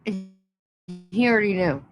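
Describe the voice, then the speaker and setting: A woman's voice: medium pitch, expressive, normal speed, faint music behind, rough recording. A woman hosting a casual livestream, laughing constantly between phrases and swearing casually. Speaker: livestream host.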